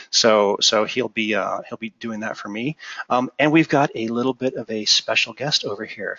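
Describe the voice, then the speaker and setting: A bright-voiced man hosts a casual tech stream and chats easily, filling pauses with ums. The sound is dry and a little dull and lo-fi. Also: medium pitch, dry recording. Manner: relaxed, chatty, many ums. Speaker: host. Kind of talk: casual webinar hosting.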